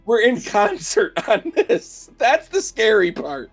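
A man playing a tabletop game, making quick asides to the group. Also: high voice, big pitch swings, over music. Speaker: player. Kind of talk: casual tabletop banter.

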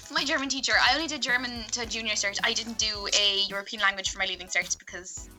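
A woman's voice: fairly high pitch, brisk, sharp tone, soft background music. A young Irish woman in casual chat, telling stories with giggles and animation. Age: young adult.

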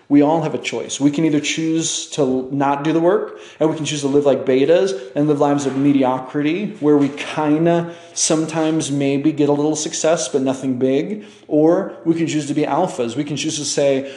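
A man delivers a solo motivational podcast monologue, blunt and profane, stumbling over restarts and tossing in plenty of fillers. His voice sits a little higher than most men's. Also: fairly even intonation, normal speed, hardly any pauses, warm tone. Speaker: podcast host.

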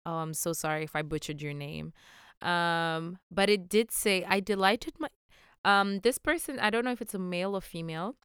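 A woman's voice: lowish voice, normal speed, a bit bright, smooth, dry recording, clean studio sound. A young woman hosting a motivational solo podcast, upbeat, playful and affectionate as she encourages her listeners. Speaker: podcast host.

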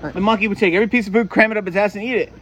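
A man co-hosting a podcast outdoors by a street, telling crude jokes loudly and laughing at his own punchlines. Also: sits high, very fast. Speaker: podcast co-host. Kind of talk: crude joke-telling banter.

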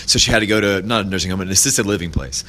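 A man's voice: rapid-fire, pushed and bright, a little hiss or hum. A man hosting his own podcast, giving a casual motivational talk, rambling with restarts and fillers and lifting his voice to act out quoted people in stories. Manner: acts out quoted voices in a higher pitch when telling stories. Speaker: podcast host.

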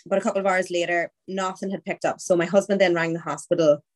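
A woman's voice: lowish voice, fairly even intonation, quick pace. A woman, a podcast guest candidly telling her story in casual, chatty conversation. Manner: candid, chatty, quotes her own thoughts aloud.

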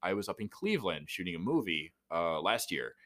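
Low-voiced animated man telling stories. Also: fairly quick, no room sound, clean studio sound. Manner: animated storyteller, acts out voices in anecdotes. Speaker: podcast guest. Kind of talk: casual chat.

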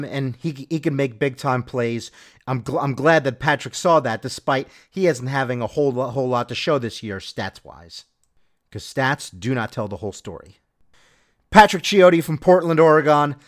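Male podcast host, slightly high voice, loose chatty delivery with lots of restarts. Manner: rambling, many restarts and fillers. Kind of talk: casual solo sports podcast.

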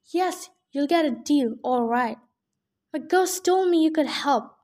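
A woman voicing a greedy, smug male monster rancher with three bodies, talking in a smooth salesman patter. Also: sits high, expressive, unhurried, a little mellow.

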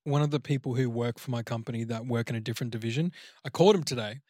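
A man co-hosting a podcast, chatting casually and telling animated stories, burping after a big meal. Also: medium pitch, racing, dry recording, studio quality. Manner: animated storyteller, swears casually. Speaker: podcast co-host. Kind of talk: casual chat.

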